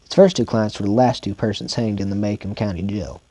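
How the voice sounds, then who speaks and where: A man with a Southern country accent reads a novel aloud in a relaxed, informal manner, his voice low and mellow. He stumbles now and then and repeats words, and his mouth sounds dry. The sound is close and dry, with no room echo. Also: a little fast. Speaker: audiobook reader. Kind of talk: amateur audiobook reading.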